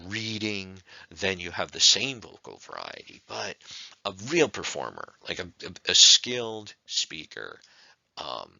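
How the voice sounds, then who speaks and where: Man, speech instructor: low, gravelly voice, lively pitch, talks in rhetorical questions. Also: no echo, highs cut off. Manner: conversational, with many fillers and rhetorical questions. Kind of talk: recorded online lecture.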